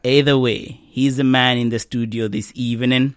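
A man's voice: mid-range voice, fairly even intonation, moderate pace, few pauses, clean tone. A man hosting a community radio show, his talk conversational and broken by frequent laughter. The studio sound is dry, with almost no room echo. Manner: conversational, laughs often, fillers.

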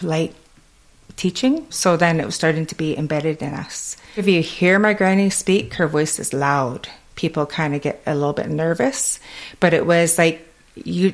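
A woman from Alert Bay whose English carries a Kwakwala-influenced accent. She talks in a slightly low voice, in a loose, chatty storytelling manner, full of fillers and quick laughs. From Alert Bay, Canada. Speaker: interviewee. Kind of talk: casual storytelling.

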